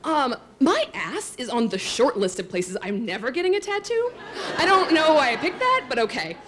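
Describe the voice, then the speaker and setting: Woman, raised pitch, stage storyteller, chatty and self-deprecating, talks to the crowd, faint background noise. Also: big pitch swings, normal speed. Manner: chatty and self-mocking, many likes and asides to the crowd. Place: storytelling stage before an audience.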